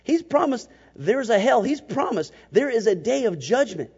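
A man preaching a sermon as pastor, animated and emphatic, sometimes slipping into mocking voices to make a point. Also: very high voice, moderate pace, breathy edge. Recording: muffled, long church reverb.

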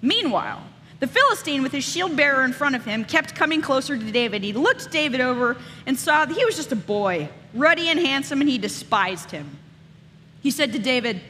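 A woman's voice: high voice, big pitch swings, fairly quick, sharp tone. Woman, sermon storytelling, casual slangy asides, long hall echo, faint room hum. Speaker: preacher. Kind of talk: sermon storytelling with scripture reading. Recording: reverberant hall.

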